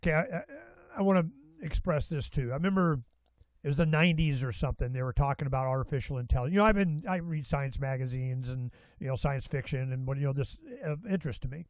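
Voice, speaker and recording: A man hosting a talk show, rambling in an excitable way with many restarts and asides. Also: mid-range voice, fast, dry recording, rough recording. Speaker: radio show host. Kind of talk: casual talk-show monologue.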